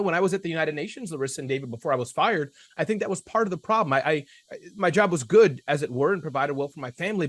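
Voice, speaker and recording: Fast-talking animated male host. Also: fairly high pitch, no echo. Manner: animated storyteller, self-deprecating jokes. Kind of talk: casual panel chat.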